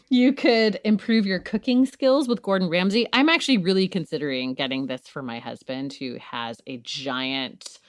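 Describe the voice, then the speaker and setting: A woman's voice: lowish voice, moderate pace, few pauses. A woman podcast co-host doing a casual, joking host-read ad and laughing often.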